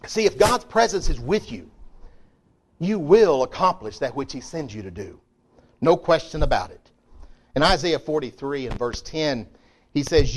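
A middle-aged man preaching a sermon in a folksy, emphatic way, swinging between loud declarations and quiet asides. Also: a little high, expressive, unhurried, long pauses.

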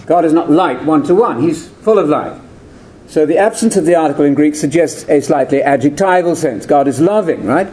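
Animated older male lecturer. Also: fairly high pitch, a little fast. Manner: animated, digressive, rhetorical questions. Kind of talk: theological lecture.

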